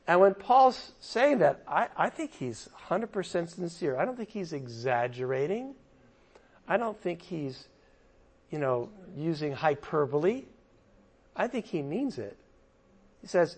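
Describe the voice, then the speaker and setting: A man's voice: high voice, very animated, slow, long pauses. A man preaching an expository sermon, emphatic and emotional, with conversational asides to his listeners. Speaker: pastor.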